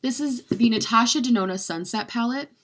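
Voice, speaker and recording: A woman's voice: a little high, brisk. Chatty young woman beauty vlogger. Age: young adult. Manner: rambling, chatty, heavy use of "like"; gushing, self-mocking. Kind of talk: casual chat.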